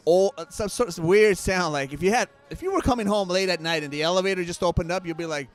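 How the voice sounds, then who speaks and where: A man's voice: high-pitched, fast talker, faint music behind. A man co-hosting a bar podcast, telling stories in a rambling, stumbling way. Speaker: podcast co-host. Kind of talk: casual bar podcast chat.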